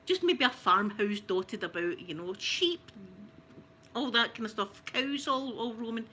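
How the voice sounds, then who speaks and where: A woman with a Scottish accent telling a family story in casual talk, animated and often laughing. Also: a little high, unhurried, a little hiss or hum. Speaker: ASMR channel host telling a family story.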